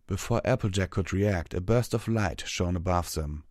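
A man reading a fantasy story aloud as narrator, steady and measured. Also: sits low, no echo, clean studio sound.

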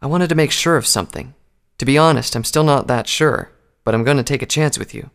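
Man playing a grave stallion, guarded, slightly gravelly, measured, storybook reading. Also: mid-range voice, fairly bright tone, voice pushed up. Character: secretive, grave young stallion spy.

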